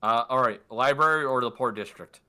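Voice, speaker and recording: Bright-toned male game master, loose and full of fillers. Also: medium pitch, a little fast, smooth. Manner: loose narration with many fillers. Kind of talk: narrating a tabletop game.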